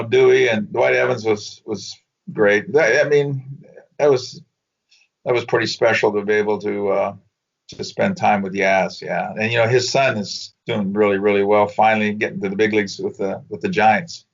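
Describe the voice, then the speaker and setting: A man's voice: on the low side, steady tone, normal speed, creaky. An older man, a former baseball hitting coach, telling rambling anecdotes with restarts and laughs in a casual interview. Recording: dull lo-fi audio.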